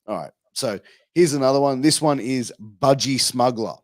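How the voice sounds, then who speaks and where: A man's voice: mid-range voice, moderate pace, no echo, studio quality. A man with an Australian accent hosting a podcast, laid-back and casual, swearing freely as he chats. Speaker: podcast host. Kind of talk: casual interview chat.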